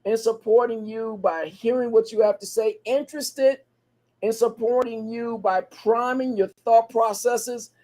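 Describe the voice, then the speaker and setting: A man's voice: extremely high pitch, steady tone, unhurried, mellow. A man co-hosting a podcast, talking in a preachy motivational cadence built on repeated phrases. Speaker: podcast co-host.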